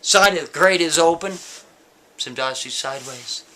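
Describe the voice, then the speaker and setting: A man's voice: fairly high pitch, normal speed, pushed and bright, slight background noise. A man telling a story casually, talking straight to the listener and checking in with them often. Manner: conversational, asks listener "right?" and "see?".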